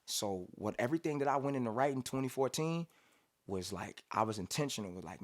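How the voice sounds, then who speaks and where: A man's voice: medium pitch, brisk. A man in his thirties from Cincinnati, a rapper telling stories casually in a studio interview, acting out quotes and humming beats. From Cincinnati, USA. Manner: animated storyteller, acts out quotes, hums beats. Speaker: rapper guest.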